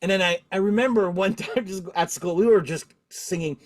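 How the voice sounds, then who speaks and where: Chatty middle-aged man, higher voice. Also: a little fast, few pauses. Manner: talkative, animated, laughs often. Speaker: podcast host. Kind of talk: casual chat.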